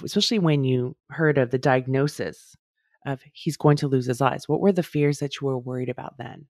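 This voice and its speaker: A woman podcast host asking gentle, probing questions and rephrasing them as she goes. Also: rumbling low, fairly even intonation, normal speed, dry recording, clean studio sound. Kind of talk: interview questions.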